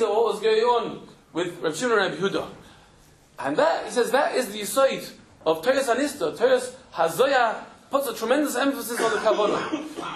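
A man teaching a Talmud class who explains emphatically and repeats words while he searches for the phrasing. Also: extremely high pitch. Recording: roomy echo.

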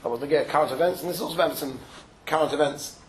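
A man's voice: a little high, rapid-fire, rough recording. A man giving an informal Torah lecture, talking in a conversational way, mixing Yiddish and Hebrew terms into his English and acting out the voices in the stories he retells. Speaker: rabbi giving a Torah talk.

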